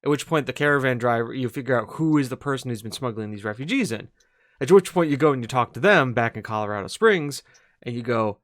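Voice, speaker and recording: Fast and animated, this mid-range male co-host chats on a casual gaming podcast recorded with clean studio sound and no room sound. He rambles, hesitates, fills gaps and restarts often.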